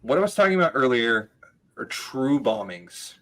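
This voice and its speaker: A man comedian chatting casually on a podcast, telling a story with quick asides and laughs. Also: mid-range voice, very animated, fairly bright tone, poor audio.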